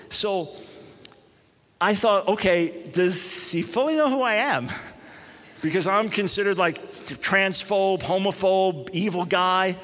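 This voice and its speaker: A man, a Christian radio host, telling a story in an animated public talk, often restarting his phrases. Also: high-pitched, moderate pace, big-room sound.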